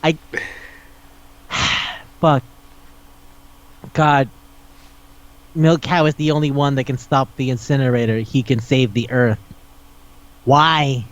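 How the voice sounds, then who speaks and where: A man co-hosting a podcast, ranting in disbelief with rapid questions and lots of swearing. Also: medium pitch, steady tone, lo-fi sound. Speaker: podcast co-host. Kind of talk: casual chat.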